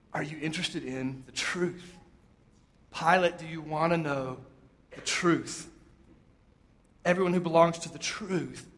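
A man preaching a sermon, retelling a scripture story with dramatic pauses and quoted lines. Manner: storytelling, voices quotes with rising pitch, drops soft for emphasis.

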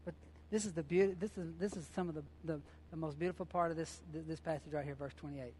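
High-voiced preacher man, fervent and colloquial. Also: fairly even intonation, quick pace, dark tone, slight background noise. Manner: impassioned, conversational preaching with repeated phrases; colloquial, informal grammar. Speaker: pastor. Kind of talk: sermon.

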